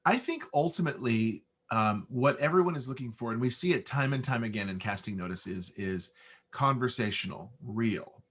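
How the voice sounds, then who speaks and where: Relaxed guy-next-door American man. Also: medium pitch, moderate pace, slightly rough. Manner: relaxed, conversational, easy-going. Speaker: voice-over artist. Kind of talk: casual interview talk.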